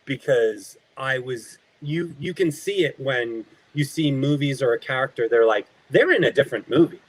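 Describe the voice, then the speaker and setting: A man who works as an actor, a guest telling lively stories in casual talk. He acts out quoted lines and often laughs. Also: medium pitch, moderate pace, poor audio.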